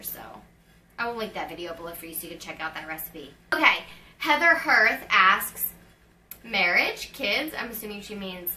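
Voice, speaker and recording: Bright-voiced girl in her 20s answering viewer questions, chatty with lots of likes and ums, echoey room, mic a bit far. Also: medium pitch. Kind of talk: casual Q&A chat. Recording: roomy, slightly distant mic.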